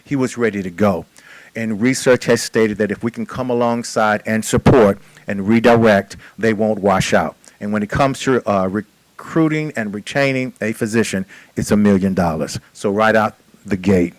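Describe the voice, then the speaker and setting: A man's voice: fairly low pitch, moderate pace, dry recording, low-quality recording. A man speaking as a chaplain, telling a plainspoken story at a conference. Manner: plainspoken, conversational anecdote.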